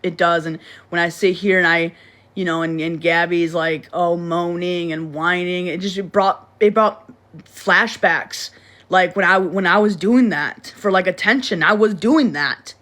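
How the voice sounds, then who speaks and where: A woman's voice: on the low side, unhurried, fairly bright tone. A woman casually chatting on a phone livestream, rambling and repeating herself, blunt and often swearing. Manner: rambling and repetitive, frequent restarts. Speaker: livestream host.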